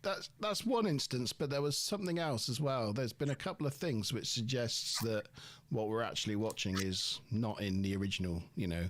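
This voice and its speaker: A man hosting a relaxed online review chat from home, his voice in an ordinary middle pitch. He is agreeable and easygoing and chuckles often as he goes. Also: moderate pace, slight background noise. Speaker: podcast host. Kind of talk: casual chat, reviewing a TV episode.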